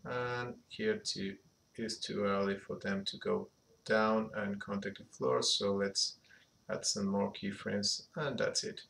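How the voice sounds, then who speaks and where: A man giving an unhurried animation software tutorial, thinking aloud as he works, with a slight phrasing. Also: lowish voice, fairly even intonation, creaky. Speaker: animation instructor. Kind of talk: screen-recorded software tutorial.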